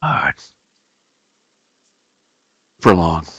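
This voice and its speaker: A man's voice: sits low, big pitch swings, extremely slow, fairly bright tone, breathy edge, no room sound, poor audio. A middle-aged man hosting a live trading stream, chatting loosely with many fillers and self-corrections. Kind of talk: casual live market commentary.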